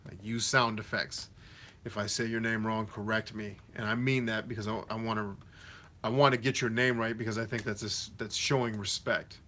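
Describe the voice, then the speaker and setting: Bright-voiced man hosting a live Q&A. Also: on the low side, little pitch movement, normal speed, a little hiss or hum. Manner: reads viewer comments aloud and answers them directly; motivational coach tone, addresses viewers as friends. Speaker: host of a live Q&A stream. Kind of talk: casual livestream chat.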